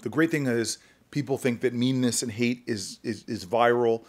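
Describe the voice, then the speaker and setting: A man's voice: mid-range voice, normal speed. Earnest middle-aged man telling stories. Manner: earnest, animated storyteller, often acts out dialogue. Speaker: senator. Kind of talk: podcast conversation, storytelling.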